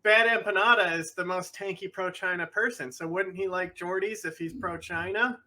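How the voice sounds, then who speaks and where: A man with a high, bright voice, chatting casually on a livestream. He teases with sarcastic questions. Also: fairly even intonation, normal speed. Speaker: livestream co-host. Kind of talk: casual chat.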